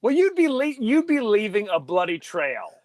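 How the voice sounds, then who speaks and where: A man co-hosting a podcast, chatting casually about a film and retelling scenes with lively excitement. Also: high-pitched, normal speed, no echo. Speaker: podcast co-host.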